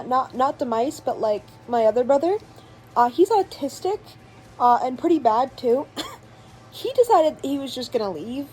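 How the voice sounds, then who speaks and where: In a rough recording, a teen girl with a high but darkish-toned voice tells the story of her vacation as vlog voice-over. Her chatty narration rambles, with plenty of fillers and false starts.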